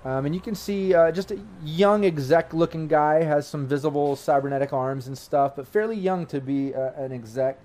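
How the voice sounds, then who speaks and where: A man's voice: on the high side, normal speed, hardly any pauses, a little mellow. Rambling young game master man. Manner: rambling, many fillers. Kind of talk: narrating a tabletop game.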